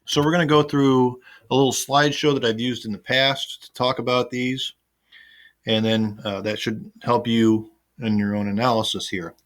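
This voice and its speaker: Guy teaching an online class, mid-pitched voice, laid back, lots of uhs and restarts, recorded at his computer. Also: fairly even intonation, moderate pace. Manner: casual and conversational, with frequent fillers and restarts. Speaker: instructor. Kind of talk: recorded online lecture with screen share.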